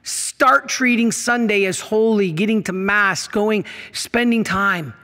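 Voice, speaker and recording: A man's voice: high voice, slow pace, bright, forceful tone, big-room sound. A middle-aged man preaching a sermon to a congregation, emphatic and asking them questions. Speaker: priest. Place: church.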